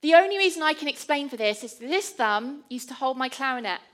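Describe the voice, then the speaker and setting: A woman delivers a sermon in an easy, conversational way. Her voice is bright and clear, pitched a little high. She tells stories with animation and a self-deprecating touch. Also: animated, a little fast. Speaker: preacher.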